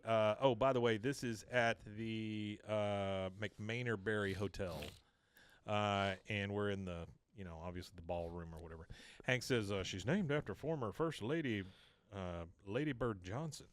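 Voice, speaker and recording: A man's voice: on the low side, clear, resonant tone. A man hosting a podcast, casually recapping a cartoon episode and acting out the characters' lines. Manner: animated retelling, quoting lines in varied voices. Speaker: podcast host.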